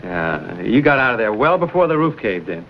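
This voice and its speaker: A wry frontier adventurer. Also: male voice, lowish voice, very animated, moderate pace. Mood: amused. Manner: wry, easygoing, cocky. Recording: dull old TV audio with hiss.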